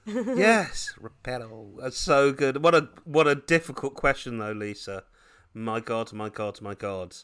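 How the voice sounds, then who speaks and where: A man's voice: mid-range voice, expressive, unhurried, fairly bright tone, clear, resonant tone. A man co-hosting a podcast in casual, jokey chat, laughing often. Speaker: podcast co-host.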